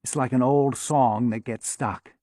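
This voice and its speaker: A man voicing a gentle, bookish young woman in an audiobook, speaking softly. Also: medium pitch, steady tone, a little slow, dry recording, clean studio sound, natural voice.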